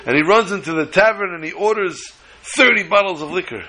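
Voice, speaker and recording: A man telling a folk tale in an animated way, repeating words for rhythm. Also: sits high, brisk. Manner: animated, repetitive phrasing. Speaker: storyteller. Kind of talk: oral storytelling.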